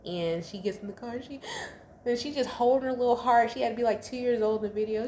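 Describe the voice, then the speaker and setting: A woman's voice: on the high side, fast talker, warm tone, slight background noise. A woman in her thirties giving a casual tarot reading, chatty and slangy, laughing often. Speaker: tarot reader. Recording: echoey room, faint ambience.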